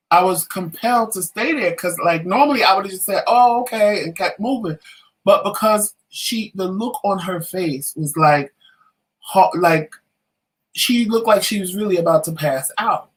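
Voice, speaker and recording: A man's voice: sits high, a little slow, poor audio. A man co-hosting a casual talk show, telling a story and acting out the voices of the people in it. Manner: animated storyteller, acts out quotes.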